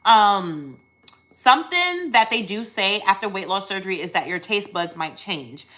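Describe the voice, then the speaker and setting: A woman's voice: medium pitch, lively intonation, moderate pace, bright, forceful tone. A young woman from the United States chatting casually on a live stream, upbeat and talkative, with frequent ums and self-corrections. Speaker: weight loss surgery vlogger hosting a live stream. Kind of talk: casual live-stream chat answering viewers.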